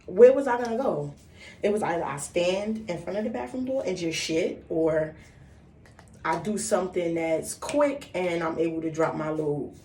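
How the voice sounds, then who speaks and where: A young woman in her twenties tells a story in a loose, animated way, swearing freely and acting out quotes. Her voice sits on the low side. She sounds a little far from the mic in a reverberant room, with faint noise behind her. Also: normal speed. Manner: animated, profane, acts out quotes. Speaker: vlogger. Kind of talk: casual storytime. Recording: roomy, distant mic, faint background noise.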